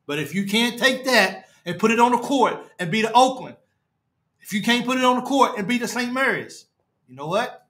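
A man hosting a fan podcast, ranting on a live stream in a distraught, halting way, repeating himself and trailing off low. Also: lively intonation, a bit bright. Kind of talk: emotional live-stream rant. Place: his apartment.

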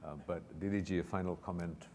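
A man moderating a panel discussion, halting and hesitant as he talks. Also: deep voice, steady tone, a little mellow. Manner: hesitant, many fillers and restarts. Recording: hall reverb, faint noise.

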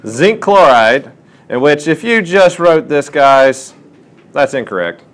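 A man with a fairly high voice speaks at a slow pace while tutoring a chemistry class. He works through problems in the classroom and asks his students questions, his teacher talk lively and inquiring.

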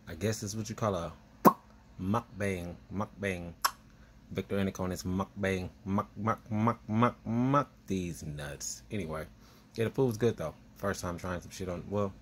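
A man with a somewhat low voice talks loosely and profanely as he reviews food from street carts. His delivery is easygoing and meandering. Heavy street noise fills the outdoor recording. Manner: laid-back, rambling and profane. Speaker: food vlogger. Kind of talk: casual food review vlog.

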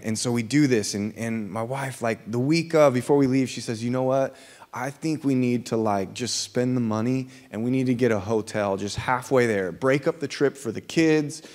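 A man's voice: mid-range voice, darkish tone. A man born in Southern California, preaching as a pastor and telling a story, acting out the dialogue with lots of energy. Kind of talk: sermon storytelling.

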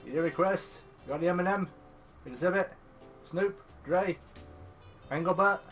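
Sarcastic, swearing gameplay commentator. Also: male voice, high voice, a little slow, a bit bright, soft background music. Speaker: let's play host.

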